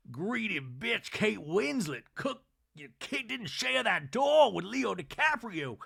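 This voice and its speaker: A man's voice: on the high side, vocal fry, sharp tone, full character voice. A man doing a gushing, squealing flirty woman. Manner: gushing, squealing, over the top. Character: breathy flirtatious woman swooning loudly.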